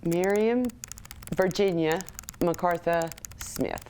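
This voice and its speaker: Amused lower-voiced woman. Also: slow, a little mellow, a little hiss or hum. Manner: amused, laughs easily, reads notes aloud. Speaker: interviewee, wife. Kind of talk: personal news feature interview.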